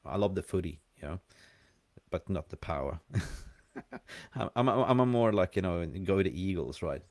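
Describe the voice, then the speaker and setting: Male host, low voice, dry close sound, rambling casual chat. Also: expressive, dry recording. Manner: chatty, rambling, quick to laugh. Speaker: live show host.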